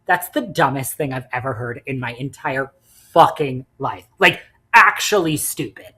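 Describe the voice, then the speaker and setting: A woman with a low voice co-hosts a casual podcast, picking apart reality TV episodes with blunt, animated opinions. She swears freely and talks through her thoughts with lots of restarts. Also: normal speed. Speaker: podcast co-host. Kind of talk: casual reality TV recap chat.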